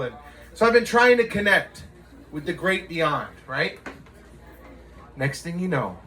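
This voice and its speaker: Animated man telling a comedy story. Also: sits high, low-quality recording. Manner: animated, laughing through his story. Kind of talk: stand-up storytelling. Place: live comedy venue.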